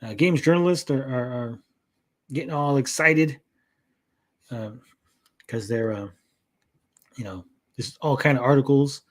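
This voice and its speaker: A podcast host with a mid-range voice chats casually about gaming news, speaking a little slowly with long pauses. He rambles, uses plenty of fillers and repeated words, reacts to chat, and swears offhandedly.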